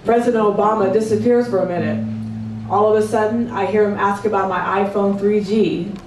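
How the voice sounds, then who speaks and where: A woman giving a live reading of her own poems, in a plain and measured way. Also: medium pitch, fairly even intonation, darkish tone, slight background noise. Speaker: poet reading her work. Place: event hall at a book party. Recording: echoey room from far off. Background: live music playing.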